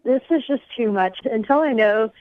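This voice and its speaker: A woman's voice: on the high side, normal speed, no room sound. A woman calling in to a radio show, talking chattily with lots of fillers over a phone line. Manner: chatty, uses lots of fillers like "like" and "you know". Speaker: caller. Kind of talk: radio call-in conversation.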